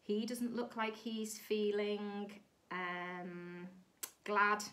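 A woman reading a picture book aloud and modelling words slowly and clearly, repeating phrases as she goes. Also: medium pitch, level tone, fairly bright tone. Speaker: speech therapist modelling communication.

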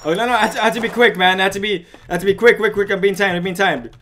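A man giving frantic, excitable gaming commentary and chatting with his viewers as he plays. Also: sits high, racing, slight background noise. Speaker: let's play gamer.

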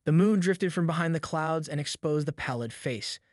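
A man reading a novel aloud in steady, measured audiobook narration. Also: a little high, no room sound, clean studio sound.

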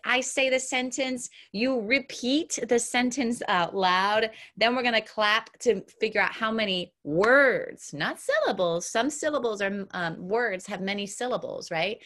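A woman teaching young children an online phonics lesson, sounding out words slowly and clearly in an upbeat, encouraging way. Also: mid-range voice, bright, forceful tone. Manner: slow, clear, exaggerated word modeling. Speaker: kindergarten teacher.

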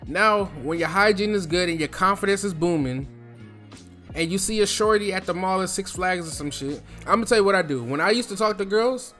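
A man's voice: high-pitched, brisk, pushed and bright, soft background music. A young man from New Jersey giving casual advice in a loose, slangy, chatty way, speaking from his throat.

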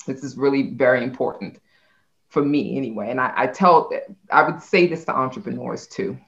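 A woman, a company CEO, telling a story in a casual interview, animated and laughing often. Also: very deep voice, moderate pace, creaky, highs cut off.

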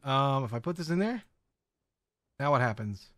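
A man giving casual running commentary as he plays a video game, talking to his viewers and often bursting into excited exclamations. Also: mid-range voice, moderate pace, no room sound, studio quality. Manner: excitable, squeals often, chatty. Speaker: game streamer.

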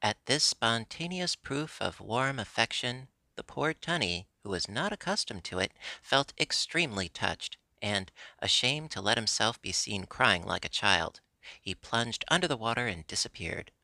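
A man narrating a classic storybook in a steady, measured way. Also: fairly low pitch, vocal fry, no room sound. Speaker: audiobook narrator.

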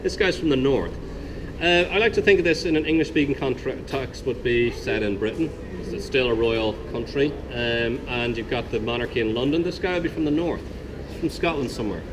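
Guy leading a walking tour, chatty, calls everyone folks, loud street noise behind him. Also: medium pitch, brisk. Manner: chatty and animated, addresses the group as folks. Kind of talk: storytelling to a tour group. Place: outdoors in old city streets. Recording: outdoor street noise, passing traffic.

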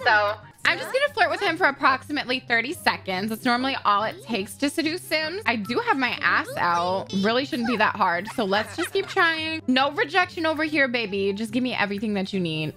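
Young woman, gaming commentary. High, bright, swoopy voice, crude and bubbly, swears a lot, squeals often. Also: sing-song, moderate pace, soft background music. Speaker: gaming YouTuber. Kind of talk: casual gameplay commentary.

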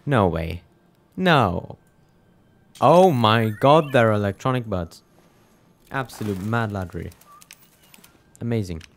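A man's voice: fairly low pitch, lively intonation, takes it slowly, creaky, pauses often. A young man giving casual let's play commentary, muttering wry reactions to a game. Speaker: gameplay commentator. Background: game music.

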